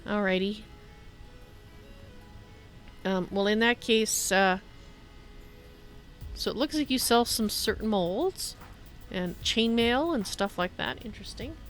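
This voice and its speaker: Woman streamer, casual chatty commentary, medium voice, quiet game music under. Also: mid-range voice, expressive, slow pace, pauses often. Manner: chatty, apologetic, reads chat aloud. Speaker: livestreamer.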